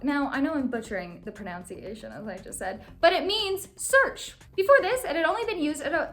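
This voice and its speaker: A woman's voice: a little high, a bit bright. A young woman hosting a casual scripted news recap, cracking playful jokey asides. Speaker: host.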